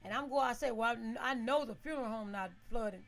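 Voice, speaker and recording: Woman, casual storytelling, high voice, gravelly edge, animated, often laughs. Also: quick pace. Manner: animated, laughs often, asks listeners "right?"; acts out her own shouts and quotes.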